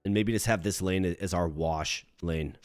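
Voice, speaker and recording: A man from Minnesota streaming a game, chatting with his viewers and thinking his moves through out loud. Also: normal speed, no echo, faint music behind. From Minnesota, United States. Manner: animated when greeting chat, low and muttering while planning moves. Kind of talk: live-streamed game commentary.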